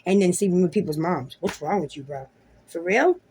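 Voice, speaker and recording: A woman's voice: fairly low pitch, expressive, moderate pace, dark tone, slight background noise. A woman vlogger and mother ranting to the camera at home, heated and profane, confronting someone directly. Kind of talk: ranting video monologue.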